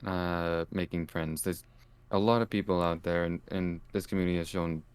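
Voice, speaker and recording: Calm Canadian male guest, very deep and smooth, unhurried and hesitant. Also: dry recording. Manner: calm, hesitant, many fillers. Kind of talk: casual interview chat.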